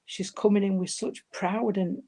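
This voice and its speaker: A woman's voice: medium pitch, flat delivery, moderate pace, warm tone. A woman giving a live mediumship reading, hesitant and affectionate, calling her listeners darling. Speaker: spiritual medium.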